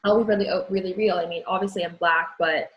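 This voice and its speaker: Frank, low-voiced young woman. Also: steady tone, highs cut off. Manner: frank, earnest, talks in quick restarts. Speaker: interview guest. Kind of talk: candid conversation.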